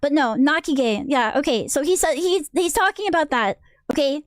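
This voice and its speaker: A woman's voice: high-pitched, moderate pace, no echo, studio quality. A woman streamer in a casual rant, rambling and restarting her sentences, sounding exasperated. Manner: rambling, self-interrupting, exasperated.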